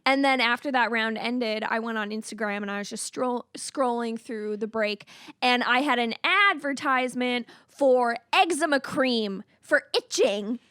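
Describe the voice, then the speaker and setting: Higher-voiced female podcast co-host. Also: a little slow, fairly bright tone, smooth, no room sound, studio quality. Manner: storytelling, laughing, reacts with short interjections. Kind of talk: casual chat.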